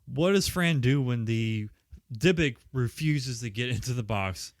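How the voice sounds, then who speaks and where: A man with a mid-pitched voice and lively intonation recapping a film on a podcast. He swears freely and sounds exasperated at the characters. The recording is close and dry. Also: measured pace, no echo. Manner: swearing, exasperated, laughing retelling of scenes. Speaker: podcast co-host. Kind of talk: casual film-review chat.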